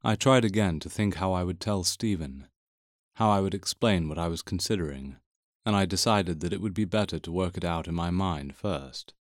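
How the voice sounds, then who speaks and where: A man reads first-person audiobook narration in a measured, intimate voice. His voice sits very low. The recording is dry and close, with no room sound. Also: no echo.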